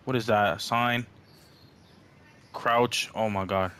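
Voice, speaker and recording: Male gamer, let's-play commentary; jumpy, easily scared, low-ish voice. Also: steady tone, slow, sharp tone, smooth.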